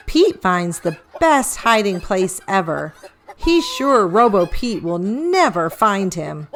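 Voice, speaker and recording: Animated woman reading a storybook. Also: medium pitch, takes it slowly, slight background noise. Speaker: children's book reader. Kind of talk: storybook read-aloud.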